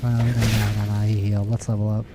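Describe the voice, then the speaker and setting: Low-voiced man chatting over gameplay. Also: completely flat delivery, fast talker, very noisy. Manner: rambling, playful, repeats words in bursts. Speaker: gameplay streamer. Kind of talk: casual let's-play commentary.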